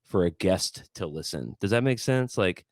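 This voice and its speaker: Lively low-voiced man telling a story. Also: moderate pace, no room sound, studio quality. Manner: animated, stammers and repeats words. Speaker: guest musician. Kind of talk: casual storytelling chat.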